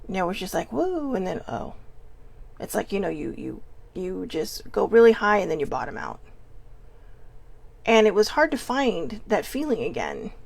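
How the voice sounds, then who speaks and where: Gravelly-voiced woman, halting candid vlog. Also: mid-range voice, sing-song. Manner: halting, searching for words, frequent restarts; earnest and open. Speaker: vlog host.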